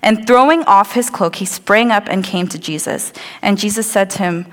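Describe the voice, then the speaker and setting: A woman's voice: medium pitch, normal speed. A woman preaches a sermon in a church, drawing listeners into the scene. She tells the story vividly and sometimes acts out what the crowd says. Her voice rings out with a long hall reverb. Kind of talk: sermon with scripture reading. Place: church sanctuary.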